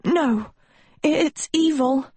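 A woman's voice: on the high side, animated, unhurried, a little mellow, breathy edge, no room sound, voice pushed up. A woman voicing an earnest teenage heroine in an audiobook, pleading and urgent. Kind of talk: audiobook character reading.

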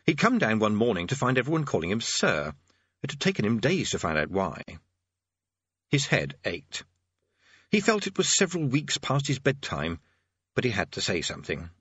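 A man narrating a story in a dry, wry manner, with a bright and lively voice. His tone carries a husky grain, and the recording is dry and slightly dull. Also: on the low side, moderate pace, dry recording. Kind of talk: audiobook narration.

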